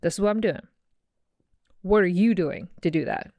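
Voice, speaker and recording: A woman's voice: fairly low pitch, moderate pace, warm tone, no echo. A woman hosting her own podcast, talking in a rambling, impassioned monologue full of "okay?" asides, emotional and empathetic, calling listeners "sis.". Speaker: podcast host. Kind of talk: casual monologue.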